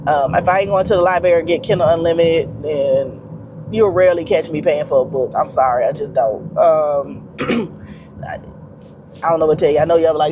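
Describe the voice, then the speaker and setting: A woman's voice: fairly low pitch, a little fast, noisy background. A woman vlogger with a stuffy nose, rambling in casual chat straight to her viewers.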